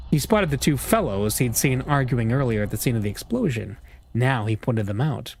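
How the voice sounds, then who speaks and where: A man reading a story game's text aloud in an even narrating voice. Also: medium pitch, normal speed, a little hiss or hum. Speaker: let's-play narrator.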